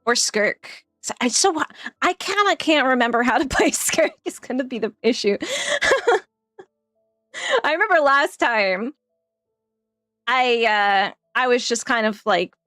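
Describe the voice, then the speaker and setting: A woman's voice: on the high side, expressive, unhurried, sharp tone, no echo, studio quality, soft background music. A woman casually commenting while playing a game on stream, chatty and laughing often, trailing off as she thinks.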